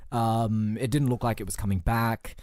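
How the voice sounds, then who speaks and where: A man's voice: lowish voice, steady tone, normal speed, a little mellow, dry recording, studio quality. A man co-hosting a casual comedy podcast, rambling through absurd made-up stories with a joking manner. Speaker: podcast co-host.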